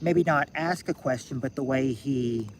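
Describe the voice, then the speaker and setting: A man's voice: medium pitch, a little slow, background noise. A man of about sixty hosting a game-night stream, rambling and thinking aloud with many restarts. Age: 60s. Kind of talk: casual live-stream chat.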